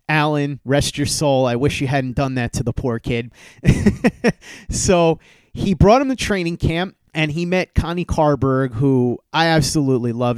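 Man telling a story on a podcast, smooth voice. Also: mid-range voice, dry recording. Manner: animated retelling, acts out quoted texts with raised voice. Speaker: podcast host. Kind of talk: casual storytelling.

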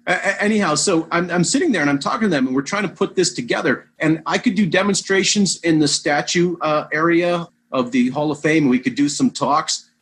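A man's voice: a little high, a little fast, a little hiss or hum. A man, a vintage baseball player, telling long rambling anecdotes as a guest in a casual interview. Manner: rambling, animated anecdotes with restarts.

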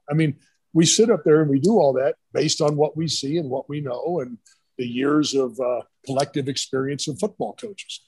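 Husky middle-aged man telling coaching stories. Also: fairly high pitch, normal speed, darkish tone, dry recording, poor audio. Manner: rambling, anecdotal, quoting others in voices. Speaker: retired college football coach and staffer. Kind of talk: casual storytelling interview. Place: brewery.

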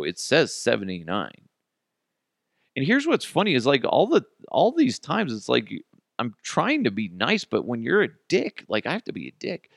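Gravelly, animated man telling stories. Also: lowish voice, no room sound, studio quality. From Colorado, United States. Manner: animated, swearing, laughs while telling stories. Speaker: podcast host. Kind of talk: casual storytelling.

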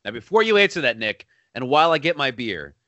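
A man's voice: medium pitch, very animated, fast, bright, forceful tone, no room sound. A man co-hosting a casual movie chat, enthusiastic and laughing often as he recounts favorite lines. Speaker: podcast co-host.

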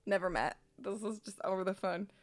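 A woman comedian co-hosting a chat show, telling a story in a lively way and acting out what people said. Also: mid-range voice, fairly quick. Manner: animated, laughing storyteller acting out quotes. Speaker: comedian and podcast co-host.

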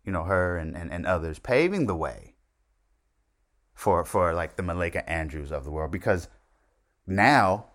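A middle-aged man with a very low voice talks casually through his solo show. He rambles, drifts into side tangents and corrects himself as he goes, in a loose conversational way. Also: expressive, normal speed, long pauses, fairly bright tone. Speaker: podcast host.

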